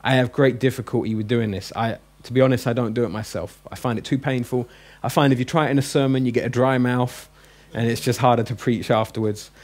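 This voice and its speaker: A man teaches a room full of adult learners. He keeps a chatty, joking tone and slows down to drill each sound. His pitch sits in the middle range. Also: steady tone, a little mellow. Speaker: Greek teacher. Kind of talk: classroom lesson. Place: classroom with a group.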